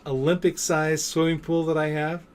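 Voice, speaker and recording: A boastful rich boss shows off his estate, teasing and pleased with himself, as a man tells the story on his vlog. The voice stays a little high for a man. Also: flat delivery, normal speed, slight background noise, natural voice. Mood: boasting. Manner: showing off, teasing. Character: boastful wealthy male boss.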